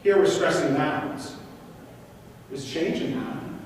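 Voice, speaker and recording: A man's voice: on the high side, takes it slowly, distant mic, slight background noise. Man presenting in an echoey hall. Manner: questions the audience, rhetorical and animated. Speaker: conference speaker. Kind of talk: interactive conference presentation. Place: conference hall. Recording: echoey hall, recorded from afar.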